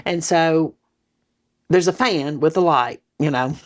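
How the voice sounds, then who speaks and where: A woman from Arkansas, telling a memory in an interview in a halting, vivid way with restarts. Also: sits low.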